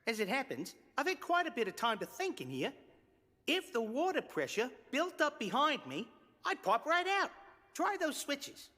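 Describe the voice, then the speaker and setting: A timid cyclops. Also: male voice, very high-pitched, wildly swooping pitch, normal speed, sharp tone, full character voice. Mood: anxious. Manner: fretful and apologetic, British slang. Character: timid, polite male cyclops archaeologist. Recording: game audio with long reverb.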